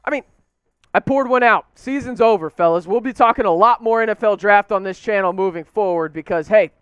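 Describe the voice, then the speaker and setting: A man's voice: sits high, fairly quick, fairly bright tone, clear, resonant tone, dry recording, highs cut off. A young man hosting a sports show, ranting in frustration about his team with rhetorical questions and repeated demands to do better. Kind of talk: animated sports commentary rant.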